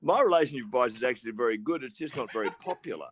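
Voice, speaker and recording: A man, a podcast co-host speaking in a measured, wordy way with frequent chuckles. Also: medium pitch, lively intonation, breathy edge, dry recording. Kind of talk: casual podcast chat.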